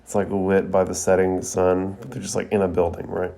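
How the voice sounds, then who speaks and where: A man's voice: deep voice, completely flat delivery, a little fast, vocal fry, dark tone. A man hosting an anime review podcast who retells an episode in a casual, filler-heavy way. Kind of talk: casual narrated episode recap.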